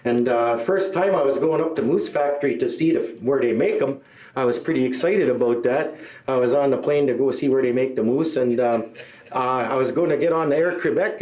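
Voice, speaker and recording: A man doing a live stand-up set, telling rambling deadpan stories and chuckling at his own jokes. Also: mid-range voice, muffled recording. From Northern Ontario. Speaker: stand-up comedian. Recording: roomy hall, mic at a distance.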